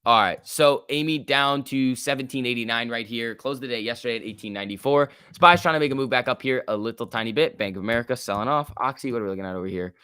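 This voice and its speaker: Excitable young man streaming stock commentary. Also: medium pitch, fast talker, hardly any pauses, clean tone, no echo, studio quality. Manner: excitable, profane, reads chat aloud. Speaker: stock market livestream host. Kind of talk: casual live market commentary.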